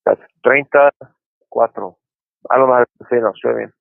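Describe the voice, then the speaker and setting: A man's voice: medium pitch, fairly quick, vocal fry, no room sound. A man rambles and jokes through a tinny prison phone line. His sound is dry and close, and he laughs often as he talks. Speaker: co-host calling in from prison. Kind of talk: casual chat over a phone call.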